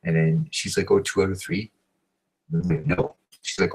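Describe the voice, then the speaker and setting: A man telling a crude, rambling story, swearing constantly and filling every pause. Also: low voice, fairly even intonation, darkish tone, husky, low-quality recording. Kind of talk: profane storytelling monologue.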